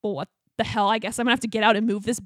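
A woman's voice: a little high, very fast, no room sound, studio quality. A young woman co-hosting a casual chat, telling a story with lots of fillers and acting out what people said. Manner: animated storyteller, acts out quotes, many fillers. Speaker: podcast co-host.

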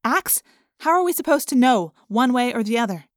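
A woman reading a sharp, sarcastic teen girl. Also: fairly high pitch, expressive, normal speed, no echo, clean studio sound, voice pushed up, natural voice. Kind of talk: audiobook character reading.

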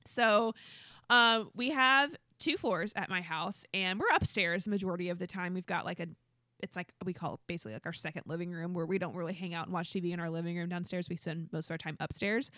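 A woman co-hosting a podcast in casual chat, telling stories and acting out quotes in a high voice. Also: brisk, sharp tone, no room sound, clean studio sound. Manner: chatty storyteller, acts out quotes in a high voice. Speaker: podcast co-host.

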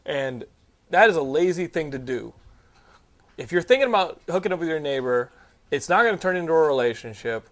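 A man's voice: fairly high pitch, animated, a little fast, a bit bright. A man hosting a podcast in casual chat, rambling through a story with lots of fillers and swearing. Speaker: podcast host.

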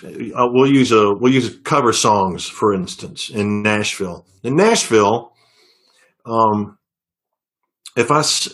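A middle-aged singer-songwriter talking casually in an interview, telling long stories with many restarts and fillers. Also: male voice, fairly low pitch, fairly bright tone. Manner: rambling storyteller with frequent restarts.

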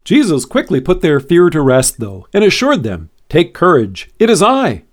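A man reads a devotion in a scripted, even-paced delivery with a somewhat high voice. His pitch rises and falls widely as he leans into key words. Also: normal speed. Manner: expressive, varied emphasis. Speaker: devotional podcast host.

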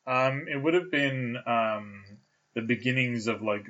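A man's voice: mid-range voice, measured pace, sharp tone. A young man, co-hosting a casual podcast chat and talking hesitantly, with many fillers and restarts. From Australia. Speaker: podcast co-host. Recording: dull lo-fi sound.

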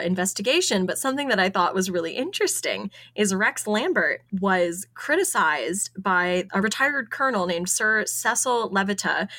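A woman's voice: mid-range voice, a bit bright. A woman co-hosting a podcast, chatting casually while presenting her research notes, often laughing and spelling out names.

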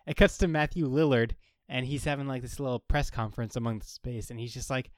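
A man's voice: medium pitch, brisk, dry recording, studio quality. A man co-hosting a casual chat, recapping a TV episode and acting out the characters' lines. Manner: animated, acts out characters' lines. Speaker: podcast co-host.

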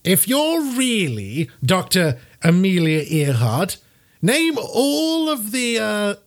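A man's voice: high-pitched, slow pace, pitched above the performer's own voice, full character voice. A man voicing a small, solemn male monk creature who guards an eye, speaking in a stern, formal way. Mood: calm formal. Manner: stern, formal, then calmly accepting.

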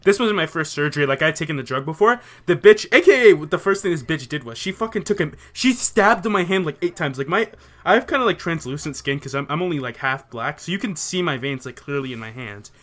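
A young man telling a story in casual chat, animated and swearing freely. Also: on the high side, fast talker.

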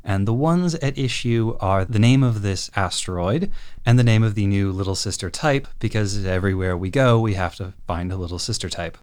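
Male podcast co-host, lowish voice, wry dry delivery. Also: normal speed, darkish tone, smooth. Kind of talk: casual podcast discussion.

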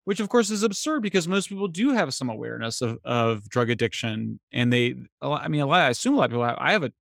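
A man speaking as an author guest in a casual interview, animated and getting exasperated at times. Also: mid-range voice, quick pace, creaky, dry recording, studio quality. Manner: animated, voice jumps up when exasperated.

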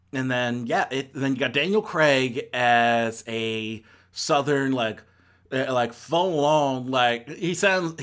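A man's voice: mid-range voice, a bit bright. Rambling male movie reviewer. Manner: rambling, with many ums and restarts. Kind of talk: casual spoken movie review.

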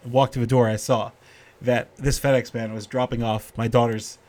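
A middle-aged man giving an informal Torah talk, telling stories and getting animated when he quotes the people in them. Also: mid-range voice, normal speed. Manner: storytelling, animated when quoting characters.

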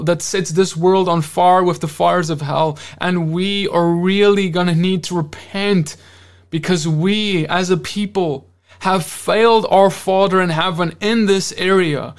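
A man giving a fervent sermon at an online conference, pressing his listeners with repeated rhetorical questions and closing in prayer. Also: high-pitched. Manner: ends in spoken prayer. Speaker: conference speaker.

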